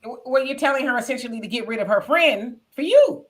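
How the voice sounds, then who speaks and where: Woman host, slightly high-pitched, pushes back on her guest with pointed questions. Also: animated, fairly quick. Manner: probing, skeptical questions. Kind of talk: casual chat, questioning the guest.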